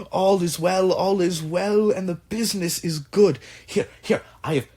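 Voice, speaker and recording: Guy putting on a bouncy old craftsman, high, gushing and fussing. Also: fairly even intonation, slow pace, darkish tone. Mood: overjoyed. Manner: effusive, fussing. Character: excitable old male craftsman calling the hero "my boy".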